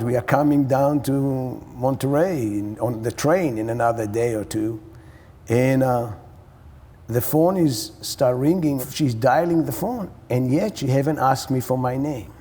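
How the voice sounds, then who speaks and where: A man recounts his story slowly and haltingly, searching for his words. His voice is husky, and the sound rings with the long echo of a hall. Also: mid-range voice, warm tone. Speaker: interviewee sharing testimony. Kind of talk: personal storytelling.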